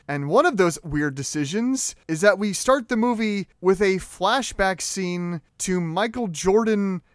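A young man hosting a movie review podcast, talking in a casual, animated and opinionated way with frequent fillers. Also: sits high, clean tone, no room sound, clean studio sound. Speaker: podcast host.

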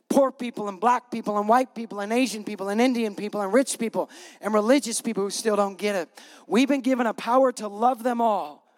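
A middle-aged male pastor giving a conversational, emphatic sermon with repeated punch lines. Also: sits high. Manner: gets choked up, laughing through emotion.

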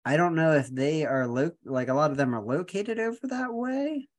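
A man's voice: fairly high pitch, expressive, moderate pace. A man co-hosting a podcast in casual chat, making dry quips and rambling through explanations. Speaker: podcast co-host.

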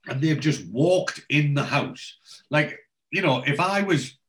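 A man's voice: fairly high pitch, big pitch swings, slow, a bit bright. A man with a rambling, chatty manner, casually recapping a TV episode as a podcast co-host.

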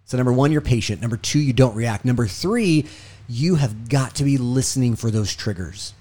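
This husky-voiced ex-hostage negotiator gives a motivational talk at a moderate pace with lively intonation. He hammers points through repetition, rising in his stories and going low and quiet on key takeaways.

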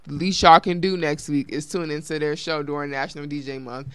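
A woman's voice: deep voice, steady tone, fairly quick, clean tone, no room sound. A woman from Colorado hosting a talk show, closing it with casual announcements and emphatic, repeated appeals to listeners. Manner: emphatic and repetitive, addresses listeners as y'all.

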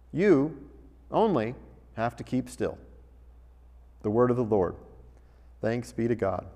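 A man preaching a sermon in a church, reading scripture and then speaking with wry, animated humor. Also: on the high side. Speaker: pastor. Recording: long hall reverb.

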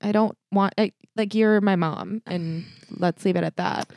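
A woman's voice: medium pitch, steady tone, unhurried, darkish tone, no room sound. A woman hosting a comedy podcast, chatting casually. She laughs often and trails off mid-sentence. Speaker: podcast host. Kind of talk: casual chat.

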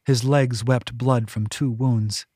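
A man narrating his own fantasy novel as an audiobook, measured and unhurried, on a close mic. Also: mid-range voice, steady tone, darkish tone, husky, no echo. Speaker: author and narrator.

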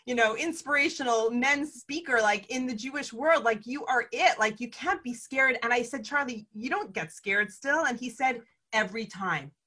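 A woman hosting a conversation and telling a personal story in a casual, animated way, acting out the dialogue. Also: fairly high pitch, normal speed, few pauses. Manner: animated, acts out dialogue, frequent "like". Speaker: host.

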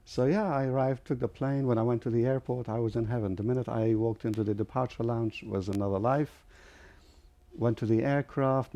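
A man's voice: lowish voice, mellow. An older man from Lebanon, telling his life story as a vivid storyteller in an interview. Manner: vivid storyteller, acts out other people's voices. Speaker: guest, airline founder.

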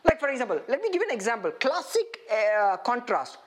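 Animated preacher quizzing his listeners. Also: very high-pitched, brisk. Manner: animated, questioning the listeners directly. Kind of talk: interactive sermon teaching.

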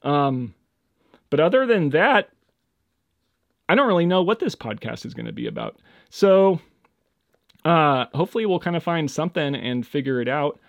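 A young man hosting his first solo podcast, rambling with lots of fillers, his voice jumping between loud and quiet as he drifts on and off the microphone. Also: huge pitch swings, normal speed, gravelly, pauses often, no echo, highs cut off. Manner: rambling, lots of fillers, swings in loudness and pitch. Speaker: podcast host. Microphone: home microphone, moves on and off it.

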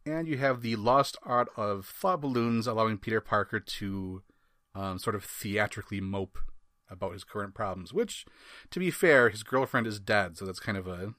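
Wisconsin guy hosting a comics podcast, lowish voice, dry sound, wry and rambly. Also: normal speed, fairly bright tone, no echo. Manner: wry, laughs often, rambling asides. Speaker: podcast host. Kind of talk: casual comic book review.

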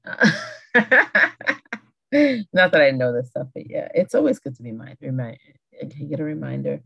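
A woman's voice: rumbling low, expressive, moderate pace, gravelly, breathy edge, dry recording, low-quality recording. A woman hosting a podcast conversation from home, talking casually with lots of "like" and self-corrections. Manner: rambling, heavy use of "like", self-correcting. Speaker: podcast host, homeschooling parent. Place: at home, kids nearby. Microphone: video or audio call.

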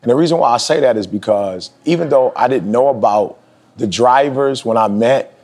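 Podcast host, man in his forties: husky, fired-up motivational speaker, street slang, climbs high when he hammers a point. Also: normal speed, a little mellow. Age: 40s. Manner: emphatic, preachy, slangy street talk, pitch jumps high for emphasis. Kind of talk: motivational talk.

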